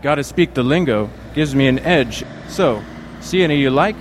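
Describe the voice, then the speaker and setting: An actor playing a cocky, taunting street pimp in a game scene, over city street noise. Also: male voice, mid-range voice, animated, normal speed, natural voice. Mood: swaggering. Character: swaggering street pimp with cane sword.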